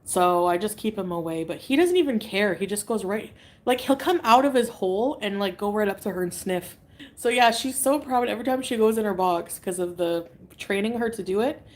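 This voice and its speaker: A woman's voice: mid-range voice, animated, fairly quick. A woman from Canada chatting casually on a livestream, reading out viewer comments, giggly and drifting between topics.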